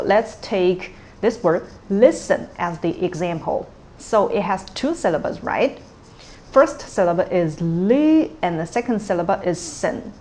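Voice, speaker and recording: A woman teaching a language lesson at a slow, deliberate pace, often checking in with "okay" and "all right". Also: mid-range voice, a little mellow, slight background noise. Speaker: Cantonese teacher.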